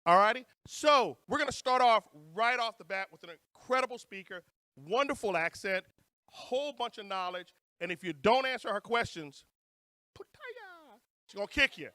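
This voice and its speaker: A man's voice: high voice, animated, moderate pace, bright, forceful tone, no echo, studio quality. A man with a New Orleans accent, emceeing a conference and joking playfully with the audience. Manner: playful, joking banter with the crowd. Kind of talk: hyping up a live audience.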